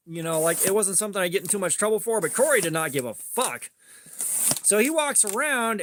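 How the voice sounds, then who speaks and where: High-voiced man telling a rambling story. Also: slight background noise. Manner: rambling, profane, animated in quoted dialogue. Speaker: livestream host. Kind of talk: casual storytelling on a livestream.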